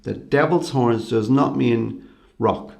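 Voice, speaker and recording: Gravelly Irish man in casual chat. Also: mid-range voice, takes it slowly, darkish tone, reverberant. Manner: swears freely, tells stories. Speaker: podcast co-host.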